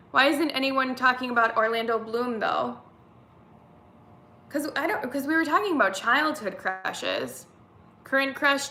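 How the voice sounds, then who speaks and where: A woman's voice: fairly high pitch, bright, forceful tone, reverberant. A woman in her thirties hosting a casual live-stream chat, reading viewer comments aloud and answering them. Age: 30s.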